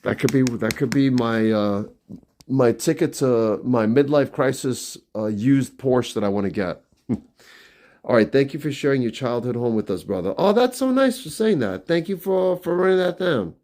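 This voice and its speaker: A man in his fifties live-streaming from his family home indoors, chatting casually with viewers and reading their comments aloud, often trailing off quietly. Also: medium pitch, lively intonation, moderate pace. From New York. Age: 50s.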